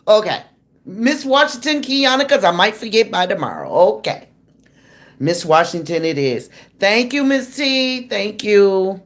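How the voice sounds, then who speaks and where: Slow-talking blunt woman livestream host. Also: medium pitch, big pitch swings. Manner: blunt, confrontational, slangy. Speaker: true crime livestream host. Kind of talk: casual livestream chat, greeting viewers.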